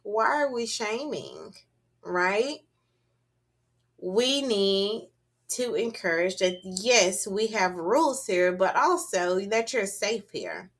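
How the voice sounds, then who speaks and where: A woman giving a teacher training talk on early childhood classrooms, explaining in a measured, instructive way and often checking in with "right?". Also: medium pitch, very animated.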